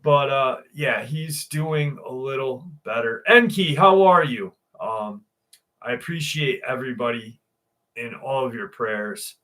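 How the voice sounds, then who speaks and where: A man's voice: medium pitch, animated, measured pace, pushed and bright. A man hosting a livestream in casual chat, rambling along with many fillers and restarts. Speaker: livestream host.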